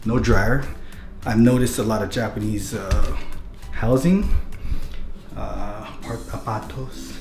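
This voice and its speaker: A man walks through a rental house with a handheld camera, talking in a hushed, low-key way so he won't disturb anyone. He speaks slowly in a lowish voice. The sound is roomy and echoey, with music playing clearly underneath. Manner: hushed, low-key, trying to stay quiet. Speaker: vlogger giving a house tour. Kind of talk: casual vlog tour.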